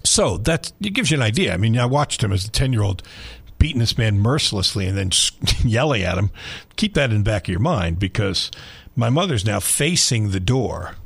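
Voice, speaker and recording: Gravelly, animated older male radio host. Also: lowish voice, normal speed. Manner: animated, laughing storyteller. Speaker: radio sports talk host. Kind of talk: storytelling on talk radio.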